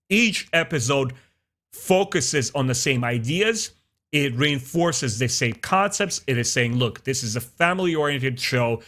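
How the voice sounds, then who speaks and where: A man hosting a casual review vlog, talking enthusiastically and conversationally, acting out characters' lines as he retells scenes. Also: a bit bright. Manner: conversational with frequent fillers and "boom". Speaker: show reviewer and channel host.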